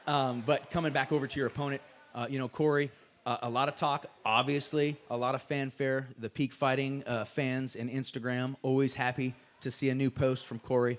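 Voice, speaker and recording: A man's voice: medium pitch, level tone, fairly quick. A man who commentates fights, moderating a press conference and asking fighters questions in a chatty, enthusiastic way with lots of fillers.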